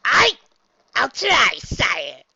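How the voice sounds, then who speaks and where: A man voicing a raspy old witch. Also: sing-song, bright, forceful tone, heavily acted. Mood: nervous. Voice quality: raspy, creaky crone voice. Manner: shrill, hurried, fawning. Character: scheming old female witch, nervous servant. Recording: dull lo-fi recording.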